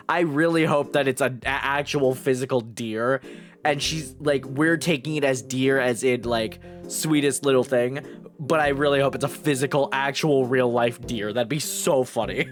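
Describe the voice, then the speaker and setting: A man's voice: medium pitch, fairly even intonation, moderate pace, faint music behind. A man streaming a game playthrough, chatting casually, swearing and stumbling over names.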